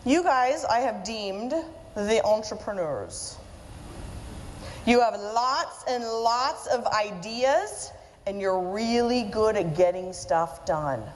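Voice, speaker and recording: Animated woman speaking in a reverberant hall. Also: medium pitch, slow. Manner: animated, chatty and self-mocking. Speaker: keynote speaker and author. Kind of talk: humorous conference talk. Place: event hall with audience. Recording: reverberant hall, faint room noise.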